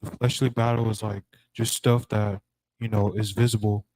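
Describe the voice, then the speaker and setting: A man answering from the group in a low, even voice. He hesitates and hunts for words as he explains. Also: normal speed, a little hiss or hum, poor audio. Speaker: congregation member answering.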